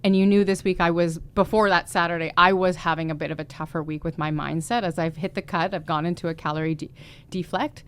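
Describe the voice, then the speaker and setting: A woman co-hosting a podcast, telling personal stories in a lively, emotionally open way. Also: lowish voice, fast talker, clear, resonant tone. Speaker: podcast co-host. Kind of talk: casual chat.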